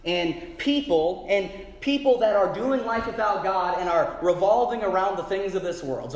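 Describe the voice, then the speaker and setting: High-voiced preacher in an echoey hall. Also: male voice. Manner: emphatic preaching, repeats phrases for emphasis. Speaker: pastor. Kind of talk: sermon. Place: church sanctuary.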